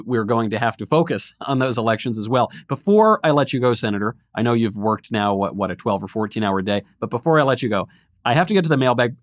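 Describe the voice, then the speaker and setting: A man co-hosting a podcast, putting questions to his guest and teasing with quick banter. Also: mid-range voice, dry recording, clean studio sound. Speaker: podcast co-host. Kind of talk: casual chat, interviewing.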